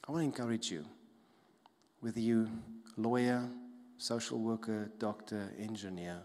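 A man's voice: lowish voice, fairly even intonation, moderate pace. Man, pastor, sermon, emphatic, repetitive phrasing, long hall reverb. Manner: emphatic, repeats key phrases, drops soft for stress. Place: church hall.

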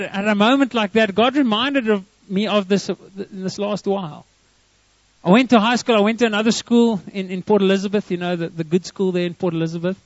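A middle-aged South African man preaching in a casual, story-driven way, his voice sitting notably high for a man. He stumbles and restarts often as he tells his tale. The sound is dry and a little muffled. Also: no room sound. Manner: storytelling, conversational, with frequent restarts and chuckles. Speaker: pastor. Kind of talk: sermon. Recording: dull, muffled dry recording.

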